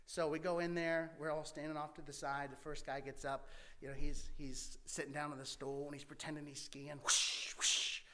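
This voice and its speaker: A man telling a personal story from his youth in an earnest, halting way, with many fillers and restarts. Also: on the high side, little pitch movement, a bit bright. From American Midwest. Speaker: speaker sharing his life story.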